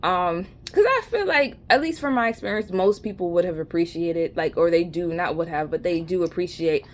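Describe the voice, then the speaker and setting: A woman's voice: on the low side, expressive, normal speed, hardly any pauses. A woman with a New York accent telling a rambling, slangy, joking story in a casual vlog. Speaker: vlogger.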